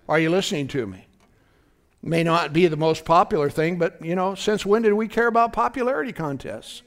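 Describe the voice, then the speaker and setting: Pastor guy preaching hard, high voice that swings all over the place. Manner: fervent preaching, frequent "praise God" and "are you listening to me?". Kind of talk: sermon.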